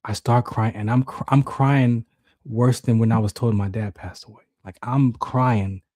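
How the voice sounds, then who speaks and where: Speaking a little slowly, this man co-hosts a talk show and shares an emotional personal story, voicing his inner thoughts in high, shouted bursts. It's a dry recording with clean studio sound.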